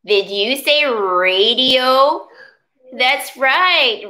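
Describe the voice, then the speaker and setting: A woman leading a preschool circle-time lesson, speaking patiently and encouragingly with drawn-out words for small children. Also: high-pitched, expressive, pushed and bright. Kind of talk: slow, sing-song preschool lesson.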